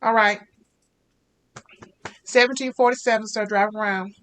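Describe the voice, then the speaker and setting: A man voicing a hurried young female fast-food drive-thru worker with rushed, scripted service patter. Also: mid-range voice, fairly even intonation, a bit bright, pitched above the performer's own voice, natural voice.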